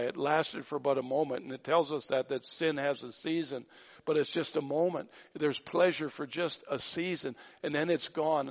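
A man preaching a sermon in a conversational way, slowing down and stressing words when he reads scripture. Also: medium pitch, gravelly, dull audio. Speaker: pastor.

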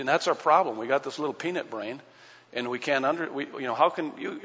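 A man's voice: mid-range voice, a bit bright, husky. A man preaching a sermon in a folksy, plain-spoken way, full of rhetorical questions and everyday comparisons. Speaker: pastor. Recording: dull lo-fi recording in a reverberant hall.

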